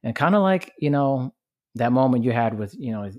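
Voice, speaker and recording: A man hosting a podcast, chatting in a relaxed, amused way. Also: medium pitch, normal speed. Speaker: podcast host. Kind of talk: casual interview chat.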